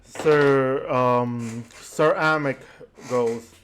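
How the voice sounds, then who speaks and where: A man's voice: medium pitch, a little hiss or hum. Man narrating a fantasy tabletop game. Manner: relaxed storytelling with quick asides and restarts. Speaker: game master.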